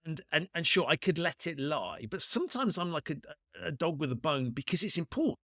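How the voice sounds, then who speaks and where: Higher-voiced man musing as podcast host. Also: big pitch swings, brisk, pushed and bright, no room sound, clean studio sound. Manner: musing, probing, thinks aloud with restarts. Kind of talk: casual interview conversation.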